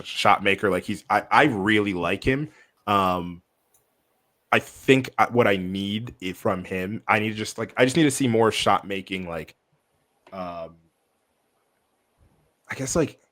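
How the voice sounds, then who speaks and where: Podcast co-host, male, deep voice, loose rambling delivery full of fillers. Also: a bit bright. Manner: rambling, lots of likes and ums. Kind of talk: casual sports podcast chat.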